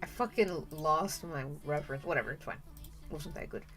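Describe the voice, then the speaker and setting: A woman's voice: low voice, lively intonation, normal speed. A young woman chatting casually on her art stream, rambling and stopping herself mid-sentence, often laughing. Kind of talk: casual live-stream chat. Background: soft background music.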